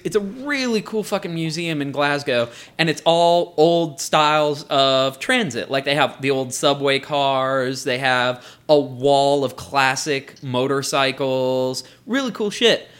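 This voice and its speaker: A young man hosts a casual podcast from an apartment, his voice slightly high and clean, moving at a measured pace with few pauses. He tells stories animatedly, swears a lot, and laughs often as he chats.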